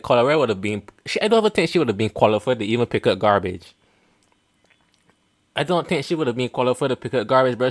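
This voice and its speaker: A young man hosting a reaction video, mocking and blunt in casual commentary, often laughing at what he watches. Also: lowish voice.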